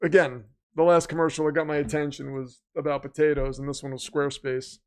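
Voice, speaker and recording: A man's voice: a little high, little pitch movement, fairly quick. A man hosting a live stream, reacting to a football game and chatting with viewers, swinging into announcer-style hype. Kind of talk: casual live-stream commentary.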